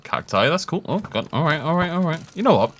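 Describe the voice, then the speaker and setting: A man's voice: on the high side, sing-song, fairly quick, a bit bright, slight background noise. A man giving rambling, jokey commentary while he plays a game, often laughing at his own tangents. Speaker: gaming YouTuber. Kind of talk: casual let's-play commentary.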